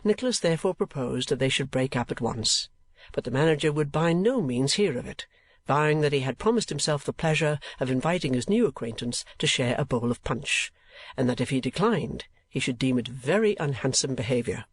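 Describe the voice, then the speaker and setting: A man's voice: mid-range voice, expressive, brisk, breathy edge, no echo. Man reading an audiobook, dry sound. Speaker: audiobook narrator. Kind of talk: scripted narration.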